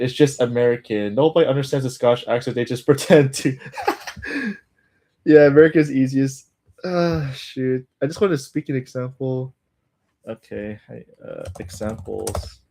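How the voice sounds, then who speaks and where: Male streamer, mid-pitched, loose rambling chat with muttered asides. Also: lively intonation, moderate pace, darkish tone. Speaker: language-learning streamer. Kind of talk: casual live-stream chat.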